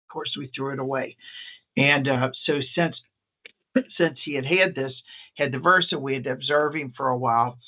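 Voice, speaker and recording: A man working as an emergency nurse, telling stories in a casual, animated way and acting out the people he quotes. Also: mid-range voice, moderate pace, lo-fi sound. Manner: animated anecdotal delivery, acts out quoted people. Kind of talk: casual storytelling talk.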